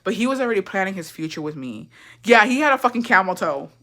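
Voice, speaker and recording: Fast, bright-voiced young woman. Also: medium pitch, very animated. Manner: profane, rambling, switches into Spanish. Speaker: vlogger. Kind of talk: casual storytime.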